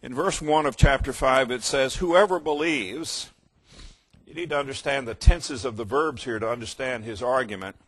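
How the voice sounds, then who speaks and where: A man's voice: medium pitch, a little fast, few pauses, a bit bright. An older man preaching a teaching sermon, patiently explaining verb tenses and checking that listeners follow. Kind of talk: sermon teaching on Greek grammar.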